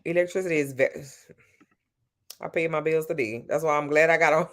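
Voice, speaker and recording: A woman's voice: low voice, fairly quick, pauses often. A woman from Louisiana with a Louisiana accent, chatting casually and playfully with viewers at home on a live stream. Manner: sassy, playful, talks straight to her viewers. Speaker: live streamer answering chat. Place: at home at night.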